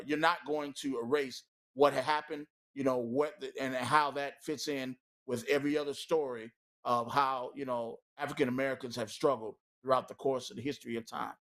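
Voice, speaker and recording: A man on a talk-show panel, speaking with anger and emphasis and leaning on many "you know" fillers. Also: medium pitch. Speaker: co-host. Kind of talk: heated panel discussion.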